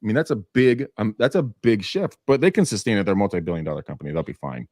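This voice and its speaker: A male podcast host with a somewhat low voice tells stories in an animated, loose way. He slips into quoted voices and swears casually. The sound is close and dry, with no room echo. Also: fast talker. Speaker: podcast host, real estate agent.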